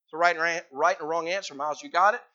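A man with a high, bright voice preaches a sermon in a church hall, talking casually and quizzing his listeners by name. The recording sounds a little dull and lo-fi. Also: racing. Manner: conversational, teasing the congregation with questions.

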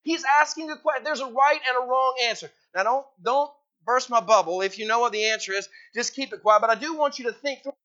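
A man's voice: extremely high pitch, fast talker, hardly any pauses, sharp tone, dull audio. A man preaching a sermon in a conversational way, teasing the congregation with questions. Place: church hall.

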